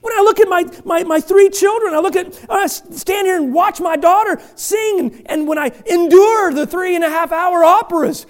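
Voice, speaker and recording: Middle-aged male pastor, high-pitched, preaches with fire and shouts, stammers over restarts. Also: normal speed, hardly any pauses. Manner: impassioned, repeatedly shouting; stammering restarts, self-deprecating humor. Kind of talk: sermon. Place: church, before a congregation.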